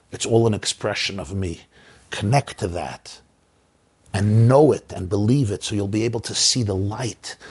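A man teaching a Torah sermon, reading passages with a pronunciation and speaking intensely, swinging between loud emphasis and hushed asides. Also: low-pitched, husky. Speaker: rabbi. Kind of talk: Torah sermon with guided meditation.

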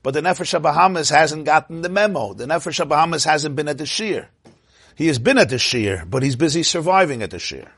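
Guy teaching a torah class, kinda husky, dry close sound, jokey and animated. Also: on the high side, fairly quick, no echo. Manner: animated, acts out inner voices, laughs at own jokes. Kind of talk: informal Torah lecture.

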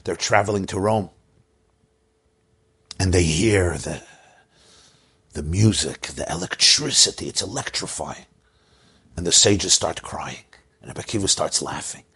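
A man teaching a Torah class with a husky voice, swinging his pitch widely between low storytelling and high, emphatic points. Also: expressive, unhurried, long pauses, sharp tone.

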